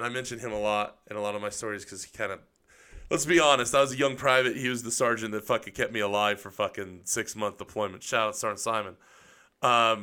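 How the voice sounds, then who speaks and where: A man's voice: medium pitch, sharp tone, clean tone. A man co-hosting a casual chat, telling a story with lots of swearing and laughter. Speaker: co-host.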